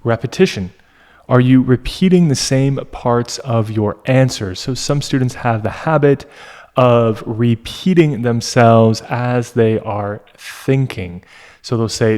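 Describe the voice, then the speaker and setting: Slow, deliberate male English tutor. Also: medium pitch, a little mellow. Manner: slow, deliberate, teacherly with pauses. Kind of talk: explanatory lesson.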